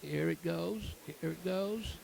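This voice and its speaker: A man's voice: on the high side, slow pace, vocal fry, darkish tone, poor audio. A man giving live curling commentary, explaining the game with many fillers and cheering good shots. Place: curling rink with crowd. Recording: crowd noise in an ice rink.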